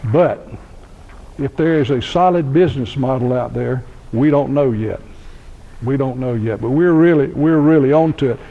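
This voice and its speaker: A man's voice: a little high, warm tone, dull audio. Folksy man in his sixties. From Georgia, US. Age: 60s. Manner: folksy anecdotal humor, laughs at own stories. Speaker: keynote speaker. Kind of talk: storytelling speech. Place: university lecture hall.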